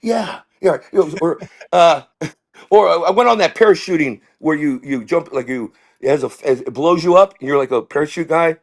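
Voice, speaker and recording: A middle-aged man, a comedian, telling rambling stories in an animated way and dropping into voices. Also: fairly high pitch, moderate pace. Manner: rambling, jumps into impressions and character voices. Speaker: comedian guest.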